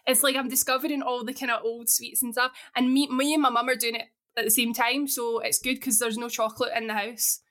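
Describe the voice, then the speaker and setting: A woman, co-hosting a casual podcast chat, chatty and quick to laugh. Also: a little high, level tone, a bit bright. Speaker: podcast co-host.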